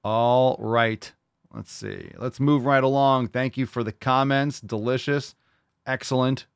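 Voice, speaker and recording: A man's voice: medium pitch, fairly even intonation, measured pace, smooth, no echo, studio quality. A man hosting a fitness podcast, coaching listeners in a blunt, joking, profane casual chat.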